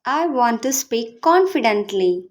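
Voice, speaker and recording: A woman teaching beginner English, reading short example dialogues in a slow, deliberate way for learners to repeat. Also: on the high side, big pitch swings.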